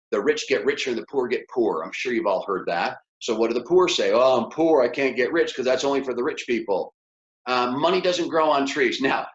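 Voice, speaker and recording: A man's voice: medium pitch, fairly bright tone. A middle-aged man giving a motivational business workshop lecture, emphatic and coaxing, often putting questions to his audience. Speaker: business instructor. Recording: roomy, slightly dull lo-fi sound.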